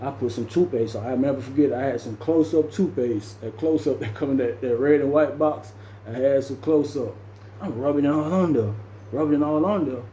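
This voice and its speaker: A man's voice: mid-range voice, brisk, echoey room, a little hiss or hum, poor audio. A man casually telling a story about his past, acting out what people said and punching it up with sound effects. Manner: animated, acts out quotes and sound effects. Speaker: storyteller recounting his jail time.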